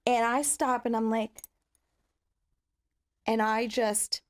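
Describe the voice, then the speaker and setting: A woman guest on a podcast, telling a personal story in an animated, vivid way and acting out moments as she goes. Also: a little high, slow pace. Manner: animated, vivid storyteller who acts out scenes.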